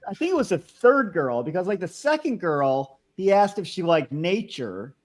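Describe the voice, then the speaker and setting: A man's voice: sits high, big pitch swings, moderate pace. A man co-hosting a podcast in casual chat, recalling scenes with hedging asides. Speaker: podcast co-host.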